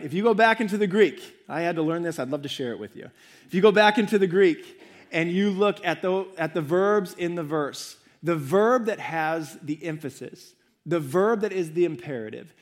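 A man's voice: fairly high pitch, lively intonation, normal speed. Earnest man preaching a sermon. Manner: earnest, repetitive preaching with rising emphasis. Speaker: pastor. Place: church.

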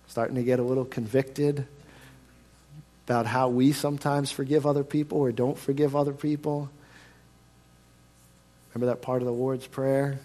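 A male pastor preaching a sermon, swinging between loud emphasis and quiet hushed lines, and putting rhetorical questions to the congregation. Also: mid-range voice, normal speed.

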